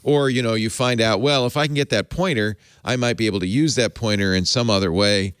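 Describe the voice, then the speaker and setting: A man's voice: lowish voice, a little fast, fairly bright tone, clean tone, no echo, studio quality. A man hosting a tech podcast, talking casually and rambling, often correcting himself and chuckling. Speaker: podcast host.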